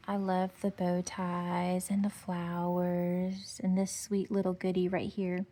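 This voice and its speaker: Out on her porch, a woman gives a gushing, chatty tour of her decorations, sprinkled with fillers and sweet comments, as a home decor vlogger doing casual narration. Her voice is fairly low and mellow, completely flat, slow-paced, with hardly any pauses.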